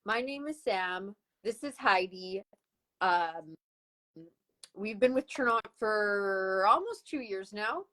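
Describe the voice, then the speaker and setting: A woman with a West Coast Canadian accent hosts a live-streamed sales pitch over a video call, speaking into a computer mic with upbeat enthusiasm. Her fairly bright voice has lively intonation and a slow pace. The audio quality is poor.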